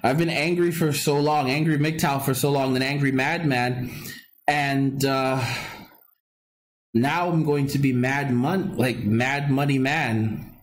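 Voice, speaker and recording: A man's voice: mid-range voice, fairly even intonation, slow pace, slight background noise. A man hosting a casual live stream, rambling and repeating himself as he chats with viewers and reads their comments. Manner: rambling and repetitive, with frequent restarts and laughs. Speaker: livestream host.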